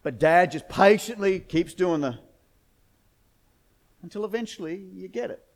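A middle-aged man, preaching a sermon in an energetic, conversational way full of rhetorical questions. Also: high-pitched, a little slow. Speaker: pastor.

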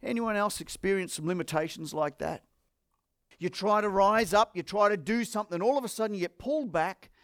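A man's voice: sits high, brisk, fairly bright tone, clear, resonant tone, no room sound, studio quality. An Australian man preaching a sermon as pastor, firing rhetorical questions at the congregation.

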